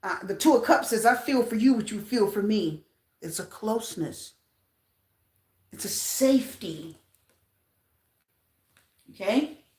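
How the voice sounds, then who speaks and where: A woman's voice: medium pitch, measured pace, pauses often, roomy sound. A woman giving a casual tarot reading, talking straight to her viewers and repeating phrases for emphasis. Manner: animated, repeats phrases, addresses viewers directly. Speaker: tarot reader.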